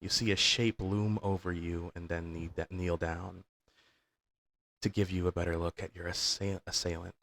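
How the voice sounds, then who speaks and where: A man's voice: deep voice, little pitch movement, normal speed, gravelly, fairly bright tone. A man narrating a second-person audio roleplay in an informal way, with fillers and restarts.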